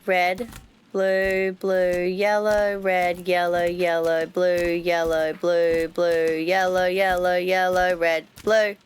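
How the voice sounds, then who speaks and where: A woman's voice: on the low side, level tone, slow, smooth. A woman streamer chatting casually while playing a game, reading its text aloud with playful asides.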